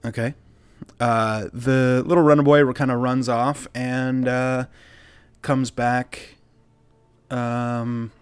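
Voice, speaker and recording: A man narrating as game master, relaxed and full of fillers. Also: mid-range voice, clean tone, dry recording.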